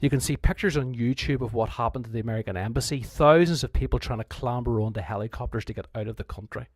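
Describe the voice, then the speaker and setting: A man's voice: medium pitch, fast talker, dry recording. A man with a Northern Irish accent, a history teacher giving a conversational revision lecture who often restarts his sentences and acts out quotes.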